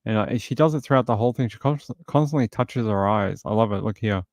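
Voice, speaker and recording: A man's voice: lowish voice, quick pace, darkish tone, no echo. A man hosting a true crime stream, mocking a news clip with sarcastic rhetorical questions. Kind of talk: live commentary on a news clip.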